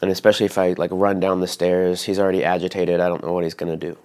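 A man's voice: low-pitched, level tone, fast talker, a little mellow, clear, resonant tone. A young man casually recounting a personal story, rambling with frequent fillers and swearing. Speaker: vlogger telling a personal story.

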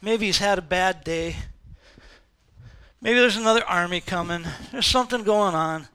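A pastor delivering a sermon, swinging between quiet, reflective passages and loud, fervent exhortation to the congregation. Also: male voice, sits high, normal speed, clear, resonant tone.

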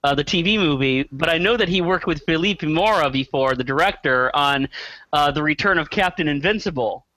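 Male co-host, bright crisp voice, dry close sound, hesitant casual chat. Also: on the high side, a little fast, dry recording, rough recording. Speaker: podcast co-host.

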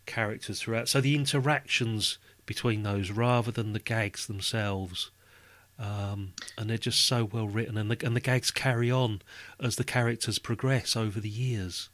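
A man's voice: fairly low pitch, fairly even intonation, moderate pace, fairly bright tone, no echo. Rambling man in casual chat, dry sound. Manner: rambling, many restarts and "you know". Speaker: podcast guest.

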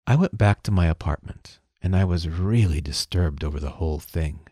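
A man hosting a podcast, narrating a first-person story in a calm, earnest way. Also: low voice, moderate pace.

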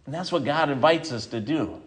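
A man's voice: on the high side, lively intonation, brisk. A middle-aged man, a pastor, preaching a conversational sermon that closes in prayer.

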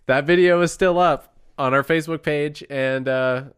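A man's voice: fairly high pitch, steady tone, measured pace, clear, resonant tone, no echo, studio quality. Joking man co-hosting a podcast. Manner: joking, laughs often. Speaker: podcast co-host. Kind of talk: casual chat.

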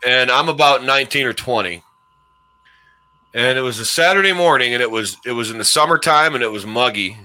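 A man's voice: mid-range voice, animated, brisk, pushed and bright, dry recording. A man in his forties hosting a podcast, telling old stories in a rambling casual way and laughing as he goes. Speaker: podcast host. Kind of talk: casual storytelling chat.

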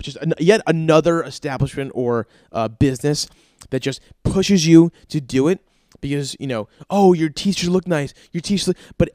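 A man's voice: medium pitch, darkish tone, dry recording, studio quality. A man in his thirties doing a profane, rambling comedic rant and jumping into other people's voices. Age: 30s. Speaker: stand-up comedian.

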